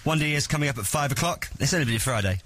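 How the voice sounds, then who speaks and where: A man's voice: medium pitch, lively intonation, quick pace, a bit bright. A man hosting a radio show, chatting and teasing in casual banter. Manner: chatty, teasing, laughs often. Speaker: radio host. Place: radio studio.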